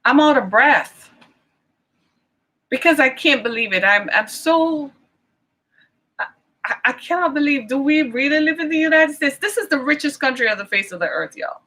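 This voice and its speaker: Woman, middle-aged, indignant rant, rhetorical questions, exasperated, bright tone. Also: sits high, animated, a little fast. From Michigan. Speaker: vlogger. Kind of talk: impassioned political rant.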